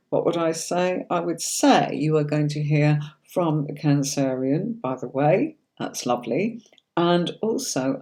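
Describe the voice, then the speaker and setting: This middle-aged woman has a low, dark-toned voice and gives casual tarot readings on a livestream. She chats with viewers, reads their comments aloud, and answers each by name, often calling them darling or sweetie.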